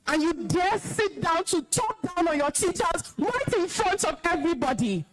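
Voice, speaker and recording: A woman's voice: very high-pitched, big pitch swings, moderate pace, music in the background. A young Nigerian woman, an alumna, gives a stern, emotional talk to schoolchildren, commanding and scolding them. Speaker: alumna speaker at school event. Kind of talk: stern address to students.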